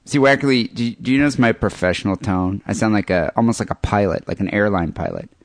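Man, podcast host, sardonic teasing chat, lowish voice, dry close sound. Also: fast, dry recording. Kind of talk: casual chat.

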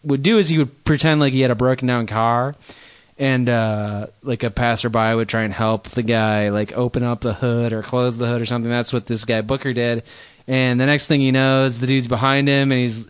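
A mid-pitched man trading crude jokes as a podcast co-host. He recounts grim news stories in a loose, irreverent way. The sound is dry and close, with no room around it. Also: level tone, moderate pace, clean tone, dry recording. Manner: irreverent, joking, reads out news quotes. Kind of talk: casual crude banter about news.

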